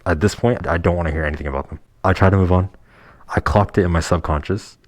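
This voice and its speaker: Heated, deep-voiced young man, swearing. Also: fast, no echo. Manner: heated, profane and blunt. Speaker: vlogger. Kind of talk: casual storytelling.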